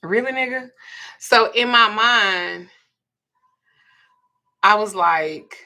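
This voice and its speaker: A woman from the South, telling a personal story in a blunt, profane, animated way. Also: medium pitch, slow pace. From Southern United States. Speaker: vlogger. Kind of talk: candid storytelling.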